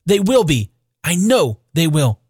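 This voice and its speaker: A man's voice: fairly high pitch, very animated, normal speed, a bit bright, dry recording, clean studio sound. A man voicing an elderly repentant miser, talking in fervent, breathless exclamations for an audiobook. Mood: giddy. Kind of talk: audiobook character reading.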